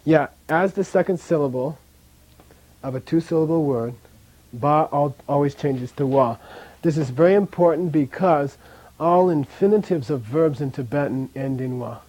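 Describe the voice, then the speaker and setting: A man's voice: a little high, moderate pace, warm tone. Man teaching sounds to a class. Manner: patient, repeats sounds for students to echo. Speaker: language teacher. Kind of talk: classroom lesson with drills.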